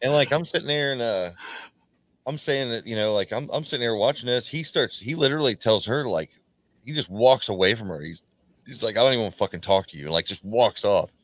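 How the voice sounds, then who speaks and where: A man hosting a podcast, telling a rambling, profane story in casual chat, often restarting his sentences and acting out quoted lines in a louder, higher voice. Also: brisk, dry recording. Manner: acts out quoted lines with sudden jumps in pitch. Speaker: podcast host.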